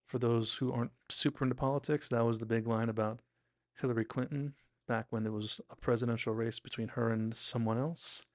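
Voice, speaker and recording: Podcast host, male, gravelly, dry close sound, chatty recap delivery. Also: mid-range voice, steady tone, brisk, dry recording. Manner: chatty, enthusiastic, acts out quotes, many "like"s. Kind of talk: casual episode analysis.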